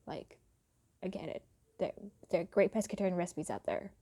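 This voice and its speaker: A woman's voice: on the low side, lively intonation, normal speed, warm tone. A young woman, born in India and raised in England and the US, talks in a chatty, playful way with joking asides. She speaks with an American accent that shows slight British traces, in a casual get-to-know-me vlog. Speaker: YouTuber.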